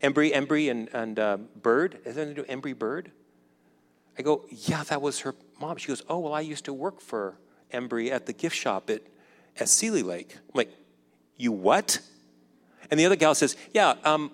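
A man in his fifties telling a personal story in a conversational way, acting out the dialogue and dropping softer when reflective. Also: medium pitch, expressive, moderate pace, pauses often. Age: 50s. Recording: long hall reverb.

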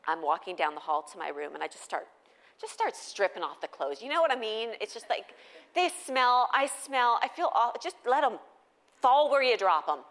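A middle-aged woman giving a humorous storytelling talk at a faith gathering, lively and conversational, often asking the audience questions. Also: fairly high pitch, moderate pace, big-room sound.

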